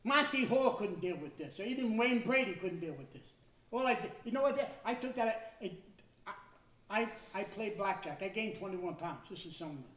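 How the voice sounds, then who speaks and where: Older male stand-up comic, very high bright voice, heard from a distance in an echoey room. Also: normal speed. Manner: loud, animated, stammering restarts, shouted punchlines. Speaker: stand-up comedian. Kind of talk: stand-up comedy routine.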